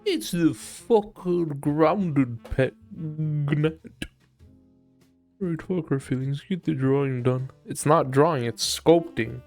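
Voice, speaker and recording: A man's voice: fairly high pitch, slow pace, a little mellow, soft background music. A man live-streaming while he sculpts, chatting casually and joking in a profane, mock-aggressive way.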